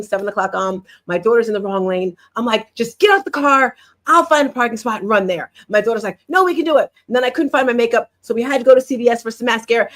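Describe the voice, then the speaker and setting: A middle-aged woman from New Jersey hosting a podcast, telling a story in a lively, animated way and acting out what others said. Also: a little high. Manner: lively, animated retelling with quoted voices. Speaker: podcast host. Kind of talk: casual storytelling to listeners.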